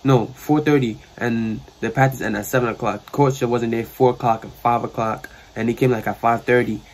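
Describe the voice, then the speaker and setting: In his sister's bedroom, a young man with a New York accent tells a casual storytime at a moderate pace in a mid-range voice. The storyteller vlogger rambles, uses plenty of slang, and recounts things animatedly.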